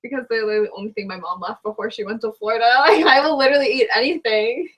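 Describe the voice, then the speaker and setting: A woman's voice: on the high side, fast talker, fairly bright tone. A young woman co-hosting a casual chat, giggly and rambling with lots of fillers. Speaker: co-host.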